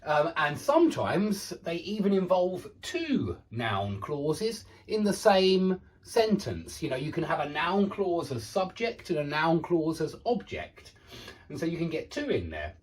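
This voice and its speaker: Male teacher, animated pitch, patient explainer, mic a little distant. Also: measured pace. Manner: patient, explanatory, checks in with "okay?" and "yeah?". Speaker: English grammar teacher. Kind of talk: online grammar lecture.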